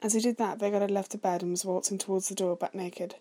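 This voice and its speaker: A woman narrating fan fiction aloud in a steady, soft-spoken reading voice. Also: medium pitch, fast talker. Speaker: story reader.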